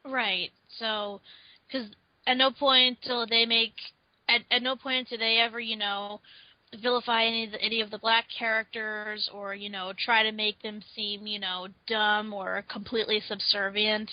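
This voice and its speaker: A young woman co-hosting a casual film discussion, making measured points with fillers. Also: medium pitch, flat delivery, no room sound. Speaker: podcast co-host. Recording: dry, dull lo-fi audio.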